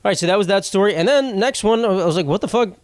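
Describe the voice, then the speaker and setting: A man's voice: high voice, expressive, fast talker, no room sound. A young man hosting a podcast alone, rambling through stories in a casual, profane comedic monologue. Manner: rambling, profane, self-interrupting. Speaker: podcast host.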